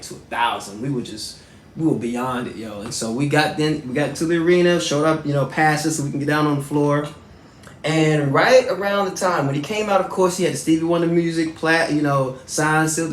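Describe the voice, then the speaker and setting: A man in his thirties hosting and telling personal stories in a casual, animated way, with lots of shout-outs and fillers. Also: fairly high pitch, roomy sound, a little hiss or hum. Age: 30s. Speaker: host.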